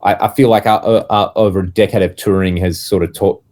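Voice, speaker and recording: Guy, low register, casual co-host, animated anecdotes with acted-out quotes. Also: fast. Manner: animated storyteller, acts out quoted voices. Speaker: podcast co-host, touring musician. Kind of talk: casual chat.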